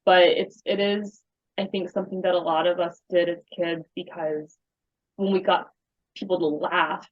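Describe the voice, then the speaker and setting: A woman's voice: lowish voice, fairly even intonation, moderate pace. A woman hosting a podcast in casual conversation, chatty and encouraging. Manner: chatty, encouraging, frequent backchannels. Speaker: podcast host. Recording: dull lo-fi recording.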